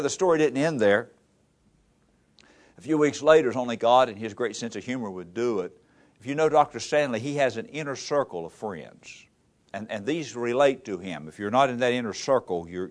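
A middle-aged man, a pastor teaching a class in a folksy, animated storytelling manner. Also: mid-range voice, brisk. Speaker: pastor teaching ministry students. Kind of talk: lecture with folksy anecdotes.

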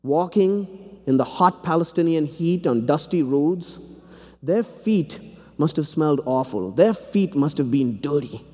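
A man's voice: a little high, expressive, measured pace, a little mellow. A man from India preaching a sermon in a seminary chapel, with earnest, rising, fervent appeals. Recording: long hall reverb.

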